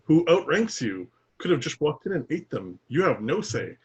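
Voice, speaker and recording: A male player teases and explains things in casual chat. His voice is husky and lively in pitch, heard over muffled lo-fi audio. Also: moderate pace. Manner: teasing, explanatory.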